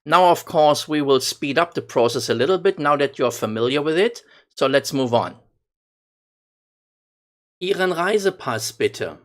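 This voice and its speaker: A man teaching phrases in a slow, deliberate instructional voice-over, repeating lines for learners. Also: medium pitch, lively intonation. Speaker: language teacher.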